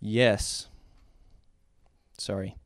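A man's voice: medium pitch, no echo. A man giving an informal sermon, conversational and at times rising to fervent emphasis, with restarts along the way. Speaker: preacher.

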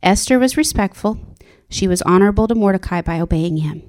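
Woman preaching a sermon, gets really fired up and goes high, whispers the inner-thought bits. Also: a little fast. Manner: impassioned, rising to high excited exclamations.

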